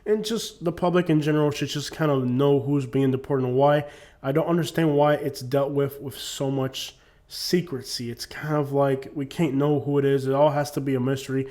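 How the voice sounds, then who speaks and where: Rambling man with a high-ish voice. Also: mellow. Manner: rambling, many "you know what I'm saying" fillers. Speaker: YouTuber. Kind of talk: casual opinion monologue.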